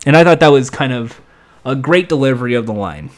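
A man's voice: medium pitch, fairly quick. A man rambling through a casual recap of a TV episode, acting out lines as he goes. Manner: rambling, animated, acts out lines. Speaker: TV episode reviewer.

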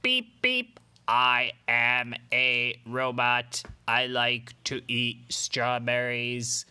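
Man doing a stiff, slow, beeping storybook robot for a bedtime tale. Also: medium pitch, bright, forceful tone, clear, resonant tone, heavily acted. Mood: robotic. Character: friendly strawberry-picking robot, tinfoil body, bowl feet.

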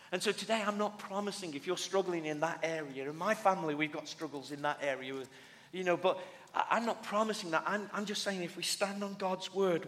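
A man's voice: high-pitched, a bit bright, slight background noise. A man, a pastor preaching a conversational sermon with restarts and light humorous asides. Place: church hall. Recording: long reverb of a church hall.

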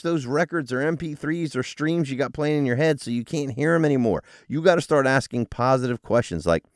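A man hosting a solo motivational podcast, explaining ideas in an animated, coaching delivery. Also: medium pitch, a little fast, few pauses, dry recording, studio quality. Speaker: podcast host.

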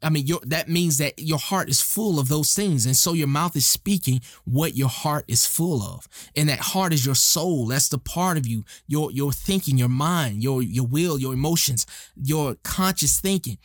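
A man's voice: on the high side, animated, normal speed, no room sound, clean studio sound. A man hosting a motivational podcast, talking earnestly and emphatically and repeating his key lines for effect. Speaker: podcast host.

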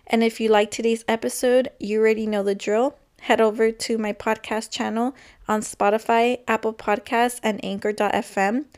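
A woman's voice: fairly high pitch, darkish tone. A young woman hosting her own podcast, chatting casually and rambling with lots of filler words. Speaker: podcast host. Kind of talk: casual solo podcast chat.

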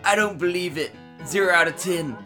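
A man doing an impression of a gruff, cranky British rock star, with a put-on British accent and a blustery, swearing manner, over guitar music. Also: high-pitched, brisk, pushed and bright, voice pushed up.

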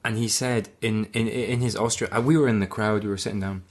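Brief: young guy, lowish voice, rambling storyteller in a relaxed chat. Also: brisk. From Scotland. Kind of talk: casual chat.

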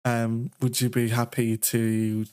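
An interviewer asking questions in a halting way, restarting mid-sentence. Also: medium pitch, completely flat delivery, dark tone.

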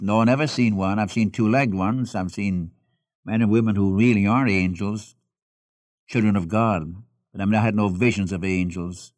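A man's voice: lowish voice, dry recording, studio quality. A man preaching a sermon who reads scripture aloud and puts questions directly to his listeners. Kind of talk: expository sermon.

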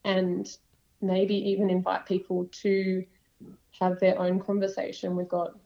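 Young woman guest, earnest and rambling, monotone, slightly muffled lo-fi sound. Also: medium pitch, vocal fry. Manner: earnest, rambling, quick bursts. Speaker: podcast guest. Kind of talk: casual faith conversation. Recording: dull lo-fi sound.

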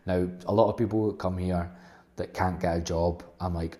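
Casting: young guy, deep even voice, blunt sweary storyteller. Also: normal speed. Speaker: host. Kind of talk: casual storytelling monologue.

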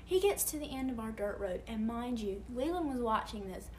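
A woman, animated and laughing as she tells a story in casual podcast chat. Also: fairly high pitch, normal speed, roomy sound, a little hiss or hum. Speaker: podcast co-host.

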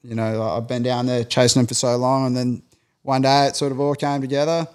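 A man's voice: medium pitch, flat delivery, a little fast, a little mellow, clear, resonant tone. A man telling a long story in casual chat, rambling and peppering his talk with fillers. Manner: rambling, heavy use of filler "like".

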